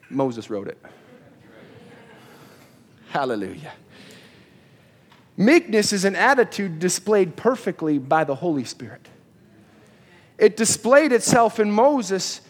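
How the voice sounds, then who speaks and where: A man preaching a sermon in a church, animated, acting out the people in the story as he goes. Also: high voice, a little slow, long pauses, in a large hall. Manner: animated preaching, voices biblical figures in asides. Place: church sanctuary.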